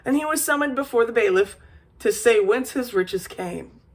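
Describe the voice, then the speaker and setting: A woman reading an old fairy tale aloud as a storyteller, lively, with small slips and restarts. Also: fairly high pitch, moderate pace, husky.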